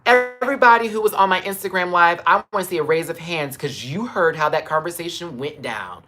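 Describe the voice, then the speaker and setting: A man's voice: on the high side, animated, normal speed, few pauses, sharp tone, slight background noise. A man telling a story on a live stream into a phone camera, emphatic and swearing as he retells it in detail. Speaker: livestreamer.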